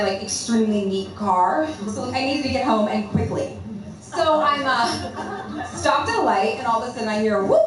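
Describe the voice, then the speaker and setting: A woman doing a stand-up set, telling a fussy story in a chatty way full of "like". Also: on the high side. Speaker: stand-up comedian. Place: comedy club stage. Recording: distant echoey club with loud crowd.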